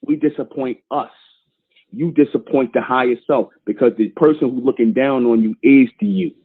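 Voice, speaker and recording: A man's voice: mid-range voice, moderate pace, breathy edge. A man hosting a call-in show, preaching in an emphatic, repetitive cadence. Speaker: show host. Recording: tinny phone-line audio.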